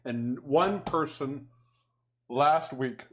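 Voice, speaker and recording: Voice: mid-range voice, extremely slow, a little hiss or hum. A co-host of a casual cooking and drinks show, teasing a partner and laughing often.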